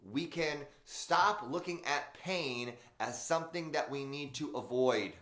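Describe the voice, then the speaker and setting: A man's voice: fairly high pitch, measured pace, a bit bright. A man hosting an unscripted motivational live stream, speaking emphatically, swearing and talking to his viewers. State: in pain, wearing back brace. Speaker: motivational show host. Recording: roomy echo.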